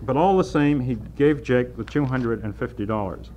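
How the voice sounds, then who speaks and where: A man narrates a novel in a measured, wry way. His voice sits at a middle pitch. A faint hiss runs under the recording. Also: dark tone. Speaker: audiobook narrator. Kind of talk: reading a novel aloud.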